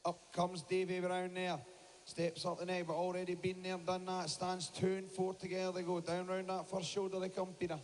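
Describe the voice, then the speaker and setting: A man's voice: high-pitched, monotone, normal speed, a little hiss or hum. A man giving live play-by-play commentary on a shearing contest over a PA system in a large hall, urging the crowd to cheer.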